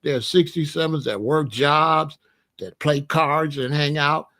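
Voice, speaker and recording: Animated man in his sixties, slangy storyteller. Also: a little high, unhurried. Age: 60s. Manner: animated, streetwise slang, frequent "you know what I'm saying". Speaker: channel host. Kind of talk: casual storytelling monologue.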